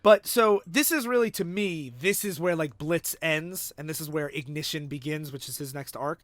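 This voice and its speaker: A man's voice: a little high, moderate pace, a bit bright, dry recording. A man co-hosting a podcast, casually recapping a comic story and swearing now and then. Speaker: podcast co-host. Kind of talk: casual comic book discussion.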